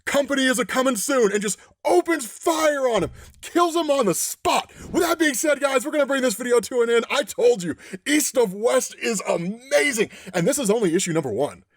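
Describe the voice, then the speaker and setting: A man hosting a comic book recap, retelling a story in an excitable, energetic way. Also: very high-pitched, normal speed, dry recording, clean studio sound.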